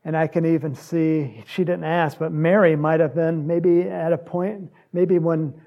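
A man's voice: fairly high pitch, fairly even intonation, unhurried, highs cut off. A man preaching an informal, conversational sermon, with frequent fillers. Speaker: pastor.

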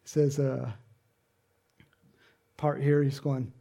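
A man's voice: medium pitch, little pitch movement, slow, creaky, warm tone. A man preaching a sermon, telling the story dramatically with asides and questions to the congregation.

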